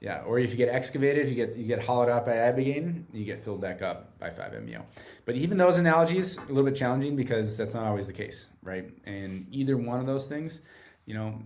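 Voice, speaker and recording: A man's voice: mid-range voice, animated, fast talker, darkish tone. A man speaking as a guest in a casual podcast conversation, earnest and explaining, often checking in with "right?". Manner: earnest, tags points with "right?". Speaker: guest, treatment center director.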